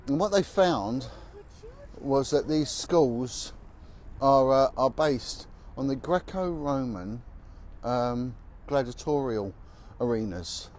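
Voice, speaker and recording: A man's voice: mid-range voice, lively intonation, takes it slowly, darkish tone. A man who is a former police officer, telling stories bluntly and with emphasis as he walks down a city street. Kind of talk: walking vlog monologue.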